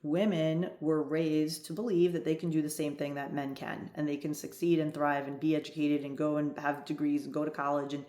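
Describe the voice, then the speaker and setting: A woman's voice: low voice, flat delivery, brisk, hardly any pauses, dark tone. A woman in her fifties, a love coach, talking in a direct, emphatic coaching monologue and often checking in with "right?". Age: 50s. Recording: echoey room.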